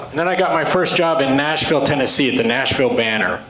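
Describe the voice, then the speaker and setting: A man's voice: fairly high pitch, fairly bright tone. Man telling jokes to a club. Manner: dry, self-deprecating joke delivery, rambling asides. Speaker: storyteller and author giving a talk. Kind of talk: humorous storytelling speech. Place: club meeting room with an audience. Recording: roomy hall sound with faint ambience. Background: audience laughter.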